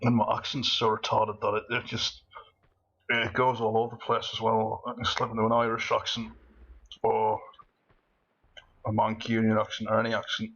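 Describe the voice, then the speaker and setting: A husky-voiced man talks through a video game with a cold, rambling from one thought to the next and breaking into laughter. He sounds manic and all over the place. The recording is a little dull and muffled. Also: lowish voice, completely flat delivery, moderate pace, long pauses, fairly bright tone. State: has a cold. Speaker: let's play commentator. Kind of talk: casual gameplay commentary.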